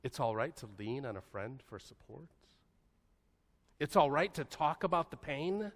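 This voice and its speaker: Soft-spoken pastor in an echoey church. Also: male voice, medium pitch, sing-song. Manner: slow, soft-spoken, with long pauses and dropping to a hushed voice. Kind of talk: sermon. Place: church sanctuary.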